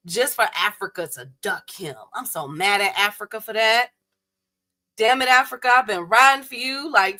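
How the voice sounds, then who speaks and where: Young woman streamer, bright voice, animated slangy rant to her viewers. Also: medium pitch. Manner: animated, talks straight to her chat viewers, blunt and slangy. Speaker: boxing livestream host. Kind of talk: casual livestream rant.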